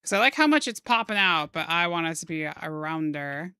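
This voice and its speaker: A low-sitting, expressive voice comes through clear and resonant, brisk and sharp in tone, with no room sound. It belongs to a playful young woman making casual chat and jokes as she draws on stream. She keeps up goofy wordplay and silly put-on phrases.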